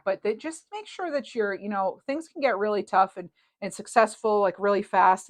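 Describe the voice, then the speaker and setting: A woman reading tarot cards in a casual, rambling and reassuring way, with many fillers. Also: medium pitch. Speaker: tarot reader.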